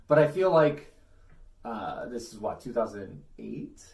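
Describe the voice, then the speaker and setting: A man co-hosting a casual talk show with a Western New York accent, trading dry, deadpan comebacks. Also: on the low side, a little slow, creaky. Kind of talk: casual banter. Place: underground bunker room. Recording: echoey room, distant mic.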